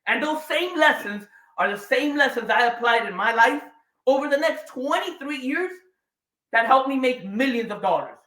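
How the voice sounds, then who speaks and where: Guy in his 40s doing a big keynote story, dramatic pauses, roomy hall sound, mic kinda far. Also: extremely high pitch, lively intonation. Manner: dramatic pauses, swings between quiet and loud. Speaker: keynote speaker. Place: large event room or hall. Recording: echoey hall, voice a bit distant.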